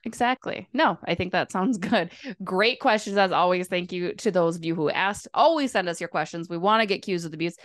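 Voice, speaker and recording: A woman's voice: fairly low pitch, brisk, few pauses, no room sound. Chatty woman, dry close sound. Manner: chatty, lots of fillers. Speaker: podcast co-host. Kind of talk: casual hockey podcast chat.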